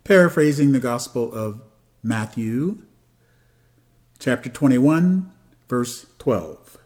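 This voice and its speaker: Measured man, senior minister of a church. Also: mid-range voice, lively intonation, darkish tone. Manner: measured, prayerful, with uh fillers in chat. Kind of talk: sermon and podcast chat.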